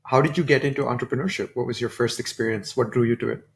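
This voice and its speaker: A man hosts an interview, asking short, friendly questions in a middle-pitched voice. Faint background noise sits under his voice. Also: fast, creaky. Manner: brief, friendly prompts and questions. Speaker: podcast host.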